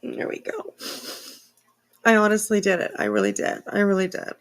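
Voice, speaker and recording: A woman's voice: medium pitch, sing-song, moderate pace. A woman hosting a casual livestream from home, emotional and teary, sniffling and rambling with lots of fillers. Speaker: livestream host.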